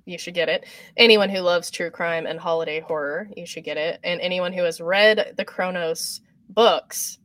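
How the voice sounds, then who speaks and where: A woman's voice: on the low side, fairly bright tone. A woman hosting a podcast interview over a video call, chatty and enthusiastic, with frequent ums. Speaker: podcast host. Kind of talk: casual interview chat.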